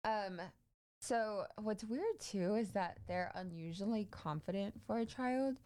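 A woman's voice: mid-range voice, lively intonation, unhurried, a little mellow. A woman hosting a podcast, casually telling a creepy story with lots of fillers. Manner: chatty, many fillers, laughs easily. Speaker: podcast host.

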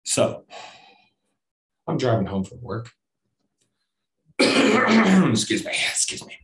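A man's voice: medium pitch, sing-song, extremely slow, a bit bright. A man hosting a casual solo podcast, rambling and self-deprecating, swearing often and restarting his sentences. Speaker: podcast host.

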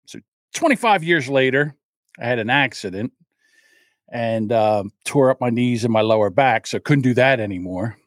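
A man's voice: mid-range voice, expressive, normal speed, no room sound. Older male podcast host, solo, chatty and jittery, mid-range voice, dry close sound. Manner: rambling, self-deprecating, openly nervous. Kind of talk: solo livestream chat.

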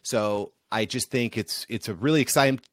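Upbeat energetic man, dry close sound. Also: mid-range voice, normal speed, dry recording. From United States. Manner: upbeat, energetic, animated storyteller. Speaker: podcast production agency founder, guest. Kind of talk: casual interview storytelling.

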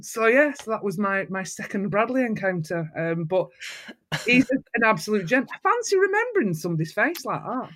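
Mancunian woman, guest in a chatty interview, animated storyteller, mid-pitched voice. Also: a little fast. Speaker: photographer, guest. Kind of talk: storytelling in casual chat.

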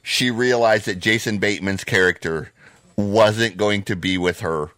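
A man co-hosting a podcast, ranting in a heated, profane way and breaking into loud shouts. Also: on the low side, unhurried, dry recording. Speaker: podcast co-host.

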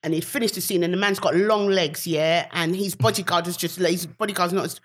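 Animated woman comedian storytelling. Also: a little fast, few pauses. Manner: animated storyteller, acts out quotes with big pitch jumps. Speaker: comedian guest. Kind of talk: casual podcast chat.

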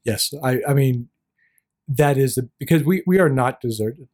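A man's voice: mid-range voice, lively intonation, normal speed, a little mellow. A man speaking as an interview guest, talking earnestly and often dropping to a near-whisper. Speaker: guest author. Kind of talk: reflective interview talk.

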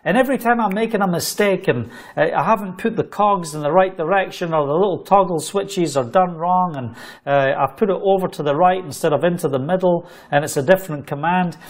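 A man telling a story of faith as a sermon, animated and loose, with fillers. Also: high-pitched, brisk. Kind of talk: sermon testimony.

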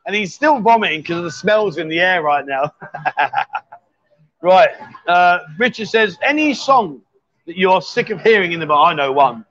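A man's voice: high-pitched, lively intonation, moderate pace, fairly bright tone. A man hosting a casual livestream from a bar, teasing his guests with jokey banter. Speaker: livestream host. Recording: dull lo-fi livestream audio.

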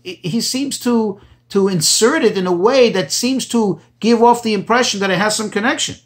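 A man teaching a Torah class, reading Hebrew phrases and translating each one into as he goes. His pitch jumps up when he stresses a point. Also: normal speed. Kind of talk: Torah class explaining commentaries.

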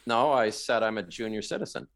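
A man from Canada, a guest in an interview, telling his story in a rambling, animated way, often repeating words. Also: lowish voice, fairly quick.

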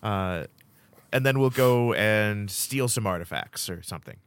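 A man's voice: lowish voice, measured pace, a bit bright, smooth. A man moderating a comedy game with dry, teasing remarks. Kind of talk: casual comedic hosting.

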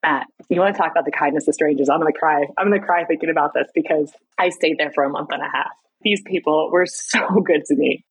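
A middle-aged woman, a podcast guest, telling personal stories in a candid, animated way, laughing often. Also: low-pitched, fast talker, hardly any pauses, breathy edge, no echo, poor audio. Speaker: podcast guest, stress expert. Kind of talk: candid conversational storytelling.

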